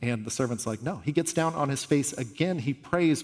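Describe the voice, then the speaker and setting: A man delivering a sermon with a somewhat high voice. He talks in an earnest, conversational way and tells the stories with animation. His voice rings out with a long reverb, as in a large hall. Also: moderate pace, a little mellow. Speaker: pastor.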